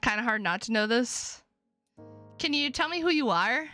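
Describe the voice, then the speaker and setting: Bright-voiced woman streamer, joking and swearing. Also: on the high side, lively intonation, normal speed, faint music behind. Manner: playful, joking, swears freely. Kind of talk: casual live-stream chat, reading game text aloud.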